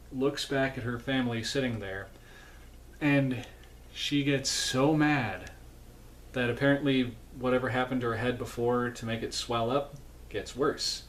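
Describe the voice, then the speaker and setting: A man's voice: medium pitch, steady tone, a little slow, a bit bright. A man talks through a film recap from home, sleepy and rambling. He keeps correcting himself and adds chatty asides in a mid-range voice. A faint hiss runs under the recording. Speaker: vlogger.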